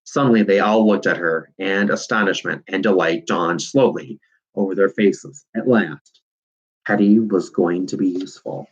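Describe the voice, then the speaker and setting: A man reading a children's novel aloud in an expressive storytelling manner. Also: sits low, normal speed, slightly rough, muffled recording. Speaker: reader.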